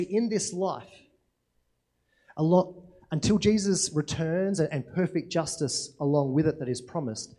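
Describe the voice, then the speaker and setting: A man's voice: a little high, warm tone. A man preaching a sermon in a conversational way, often asking rhetorical questions and checking in with "right?".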